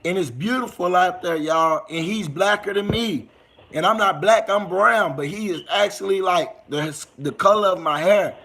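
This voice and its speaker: High, gravelly Southern man livestreaming. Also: moderate pace, sharp tone. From United States. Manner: loose, rambling street talk to viewers. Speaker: livestream host. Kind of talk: casual livestream chat.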